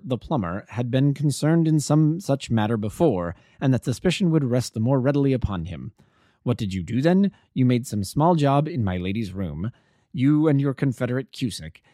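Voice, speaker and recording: A man voicing a cool, stern male detective who speaks low and measured. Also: warm tone, dry recording, studio quality, lightly acted.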